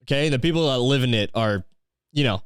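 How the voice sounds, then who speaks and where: A man's voice: medium pitch, a little fast, clean tone, no echo, clean studio sound. A young man from Canada, hosting a podcast with a crude, sarcastic, swear-filled comedic rant. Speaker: podcast host.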